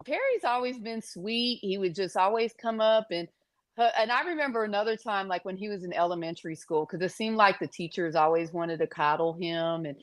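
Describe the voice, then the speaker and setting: Middle-aged woman, podcast guest, animated storyteller, laughs easily, acts out voices. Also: mid-range voice, a little fast. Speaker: podcast guest, parent of a deaf son. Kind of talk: casual storytelling.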